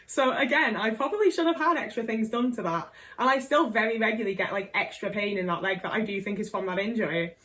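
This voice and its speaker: English girl chatting to camera, frank and sweary, mid pitch, mic a little far off. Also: fast talker, hardly any pauses, a bit bright. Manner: candid, blunt, sweary, lots of "like". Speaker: vlogger. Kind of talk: casual storytelling to camera.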